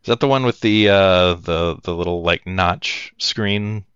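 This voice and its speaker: Deep, smooth-voiced man on lo-fi mic. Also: measured pace, fairly bright tone. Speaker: podcast co-host. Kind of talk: casual podcast chat. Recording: dull lo-fi mic.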